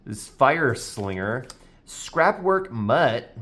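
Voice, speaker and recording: A man co-hosting a card-pack opening reads out card names slowly and hesitantly, with many "uh"s. His voice is medium-pitched and lively, and the chat is casual and unhurried.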